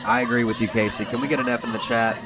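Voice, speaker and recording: A man's voice: medium pitch, level tone, rapid-fire, distant mic, a crowd in the background. A man hosting a live stream in casual commentary, chatting and reading viewer messages aloud with a self-mocking manner.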